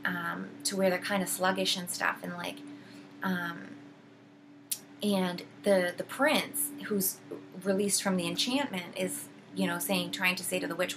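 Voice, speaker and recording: A woman's voice: lowish voice, steady tone, takes it slowly, background noise. A woman casually retelling a book's plot, rambling with many fillers and restarts. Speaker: video host.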